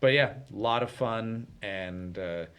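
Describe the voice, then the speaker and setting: A man with a fairly low voice talks through a topic in easygoing, unhurried chat. He explains at length, full of "um"s and small restarts, in the manner of a community TV co-host. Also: clear, resonant tone. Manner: relaxed, explanatory, many fillers. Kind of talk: casual chat. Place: community TV studio.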